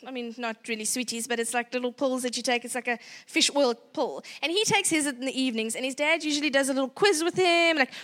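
A South African woman in her thirties shares parenting stories in a loose, chatty way, slipping into little acted-out bits of dialogue and laughing as she goes. Her voice sits high and sounds bright and forward. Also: fast, few pauses. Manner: animated, laughing, acts out dialogue. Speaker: parenting educator. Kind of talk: casual storytelling talk.

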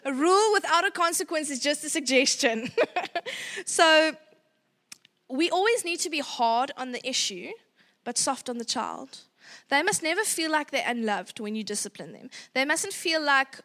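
A woman in her thirties giving a casual parenting workshop talk, chatty and animated, acting out parents and children. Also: high voice, moderate pace. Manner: chatty and animated, acts out parent and child voices, laughs often.

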